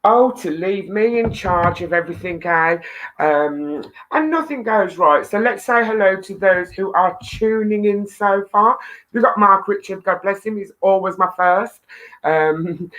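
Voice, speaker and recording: A woman's voice: mid-range voice, a bit bright, low-quality recording. A middle-aged woman hosting a casual live stream, greeting viewers and reading their comments in a chatty, self-deprecating way with frequent laughs and ums.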